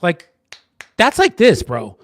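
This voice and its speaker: A man's voice: high voice, wildly swooping pitch, slow pace, fairly bright tone, dry recording. A man from New Jersey co-hosting a casual real estate chat, rambling and restarting his sentences, calling his partner brother. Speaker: real estate agent, co-host.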